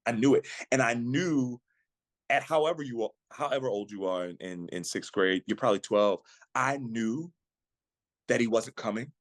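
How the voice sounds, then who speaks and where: A man on a podcast, earnestly telling a personal story of faith in a reflective way, slowing down at the emotional moments. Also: mid-range voice, expressive, no room sound. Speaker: guest, actor and singer.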